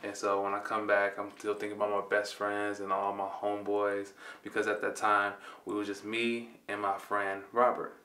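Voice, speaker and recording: Slangy laid-back guy in his 20s telling his story, flat forceful voice, echoey room, mic kinda far. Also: lowish voice. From Compton, California. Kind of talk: personal storytelling. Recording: roomy, mic at a distance.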